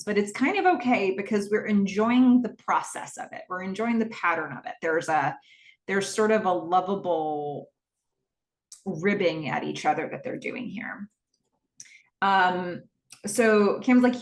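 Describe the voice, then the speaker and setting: A woman's voice: medium pitch, animated, unhurried, echoey room. A woman hosting a podcast, casually retelling a TV episode scene by scene and quoting the characters as she goes. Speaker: podcast host.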